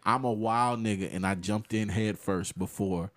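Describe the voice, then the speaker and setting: A man's voice: lowish voice, normal speed, fairly bright tone. A young man hosting a casual podcast chat, posing questions, laughing often and talking in slang. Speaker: podcast host.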